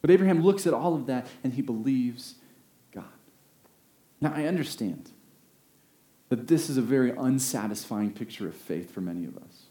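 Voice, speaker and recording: A man preaching a sermon, earnest, rising to emphatic peaks and slowing down on key phrases. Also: medium pitch, animated, dark tone. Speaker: pastor. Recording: roomy echo.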